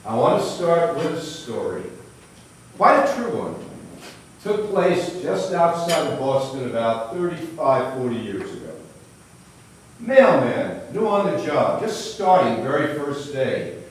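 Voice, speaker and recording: A man hosting a round table talk, telling a story slowly and dramatically with pauses. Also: a little high, sing-song. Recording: echoey room, distant mic, faint noise.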